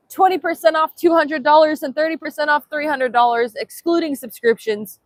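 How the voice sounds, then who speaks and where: A woman's voice: high-pitched, animated, a little fast, dry recording. A young woman chatting casually on a livestream outdoors at sunrise, reading chat aloud in a playful way, filmed on a handheld phone. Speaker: livestream vlogger.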